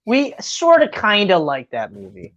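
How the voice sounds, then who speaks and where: An excitable woman co-hosts a casual movie podcast, swearing freely and breaking into laughter. Her pitch leaps around in lively swings. The audio is dull and lo-fi. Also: unhurried. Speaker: podcast co-host. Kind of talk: casual movie review chat.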